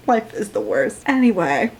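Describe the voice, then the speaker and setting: A woman's voice: a little high, big pitch swings, a little slow, creaky, rough recording. A young woman giving a casual, sarcastic book rant review, reading passages aloud in mocking voices.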